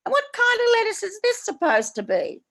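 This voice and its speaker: A woman's voice: very high-pitched, sing-song, fairly quick, a bit bright, pitched above the performer's own voice, full character voice. A woman doing a blunt, cussing Aussie mum. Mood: indignant. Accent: Australian. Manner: broad, swearing, sugary when she wants something. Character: crude blunt older Australian mum, woman.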